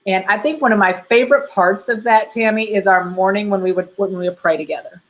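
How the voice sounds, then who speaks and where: A woman's voice: medium pitch, a little fast, rough recording. A woman hosting a casual live chat about her event, gushing with praise and swearing freely. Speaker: event organizer and host. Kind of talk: casual conversation, live stream.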